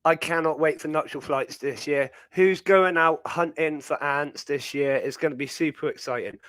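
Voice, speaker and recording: A man's voice: a little high, normal speed, a bit bright, no room sound. A young British man hosting a hobby livestream, rambling and chatty with lots of fillers. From Britain. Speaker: livestream host. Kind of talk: casual chat.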